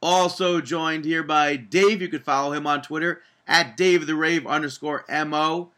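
A man's voice: on the high side, steady tone, normal speed, bright, forceful tone. A man hosting a wrestling podcast, chatting casually and upbeat, laughing easily. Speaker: podcast host. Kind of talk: casual chat.

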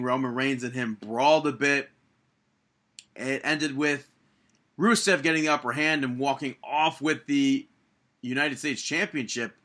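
Young man, bright tone, casual podcast chat, exasperated, opinionated. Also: mid-range voice. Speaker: podcast co-host.

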